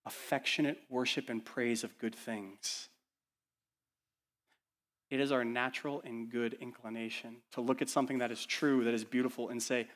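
Man preaching with hushed and loud swings. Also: medium pitch, moderate pace. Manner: urgent, rhetorical questions, swings between loud and hushed. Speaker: pastor. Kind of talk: sermon. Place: church.

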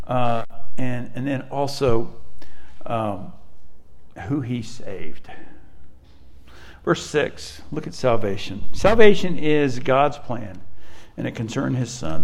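A pastor preaching a sermon in an earnest, conversational way. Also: male voice, medium pitch.

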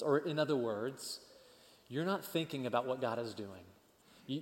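A man preaching a sermon as pastor, animated and leading the congregation in call-and-response. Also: medium pitch. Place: church. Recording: long church hall reverb.

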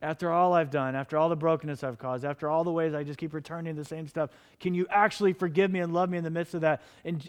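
A man's voice: a little high, fairly even intonation, quick pace, few pauses, clean tone. A middle-aged man preaching a sermon as pastor, impassioned and pleading with his listeners.

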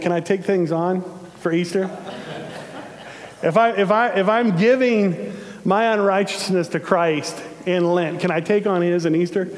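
Unhurried man preaching in a reverberant hall. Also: high voice. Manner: earnest, conversational, with fillers. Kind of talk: sermon.

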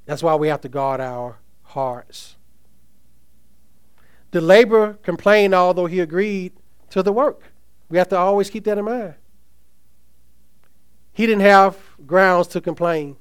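Male pastor preaching with emphasis; somewhat high, clear and resonant voice. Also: unhurried, pauses often. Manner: emphatic preaching, reads scripture aloud, asks the congregation questions. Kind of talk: sermon.

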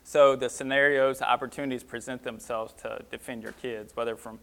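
A man's voice: medium pitch, steady tone, a little fast, fairly bright tone. Conversational male pastor teaching a sermon. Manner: conversational, plain-spoken, with fillers.

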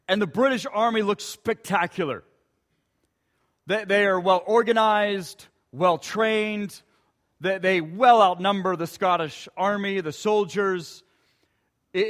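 Brief: male pastor, high-pitched, unhurried sermon storyteller. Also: a bit bright. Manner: emphatic storytelling with dramatic repetition.

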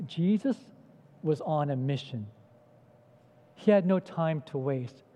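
This man preaches in a high, warm voice, keeping his sermon conversational and regularly questioning the congregation. He is a pastor, and the audio carries hall echo and a dull lo-fi quality.

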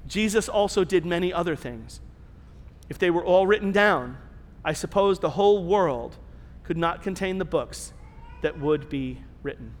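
A man's voice: high-pitched, fairly bright tone. A man preaching a sermon to his church in a conversational way, with rhetorical questions and emphatic repetition. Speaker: pastor. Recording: long church-hall reverb.

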